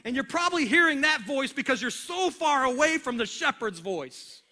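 High, bright-voiced male preacher. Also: normal speed. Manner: animated, acts out scenes with a helper on stage. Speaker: pastor. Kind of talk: sermon. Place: church stage. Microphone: handheld or stage microphone.

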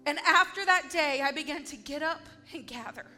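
High bright-voiced woman giving testimony. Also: moderate pace, soft background music. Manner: earnest, heartfelt, emphatic. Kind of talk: devotional testimony monologue.

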